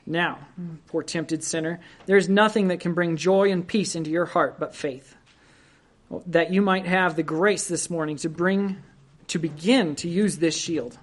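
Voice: medium pitch, steady tone, a little slow. A preacher delivering a sermon in an earnest, exhorting manner, speaking directly to listeners and lifting the voice to stress each quoted verse.

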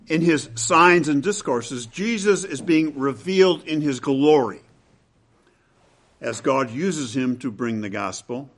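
A man preaching a sermon with dramatic, emphatic delivery, swinging between loud and hushed lines. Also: medium pitch.

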